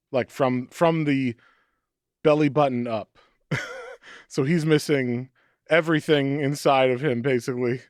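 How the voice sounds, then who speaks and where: Man, podcast co-host, casual story recap, acts out quotes, mid-pitched, dry close sound. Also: dry recording. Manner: animated storytelling, acting out quotes. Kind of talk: casual chat recapping a comic.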